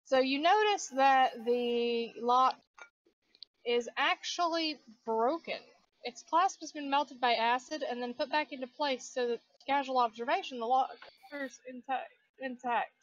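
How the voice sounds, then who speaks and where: A woman acting as game master in a tabletop role-playing game, narrating scenes and calling for dice checks in a loose, relaxed way with frequent fillers. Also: sits high, a little slow, no room sound, lo-fi sound. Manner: relaxed, with many fillers and restarts.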